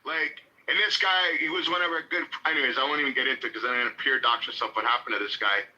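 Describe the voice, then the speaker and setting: A man's voice: medium pitch, quick pace, bright, forceful tone, lo-fi sound. A man telling a long, profane story in casual chat, full of fillers and quoted voices.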